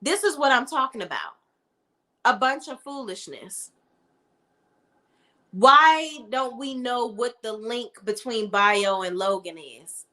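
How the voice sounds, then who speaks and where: A sassy young woman chats to her viewers in a casual, opinionated TV review. Her voice sits a little high and has a sharp, bright edge. She talks in an animated way. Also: takes it slowly, long pauses. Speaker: TV show reviewer.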